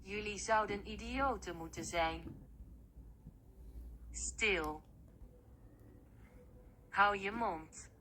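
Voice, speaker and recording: A woman voicing a grumpy, stubborn young Dutch settler who talks slowly in a low mutter. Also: a little hiss or hum. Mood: sullen. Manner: slow, flat, muttering.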